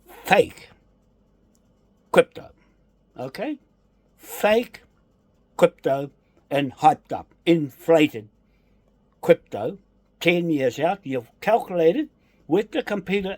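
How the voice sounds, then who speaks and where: A man's voice: a little high, a little mellow, dry recording. A man delivering an angry, accusatory political rant, repeating his charges with heavy emphasis.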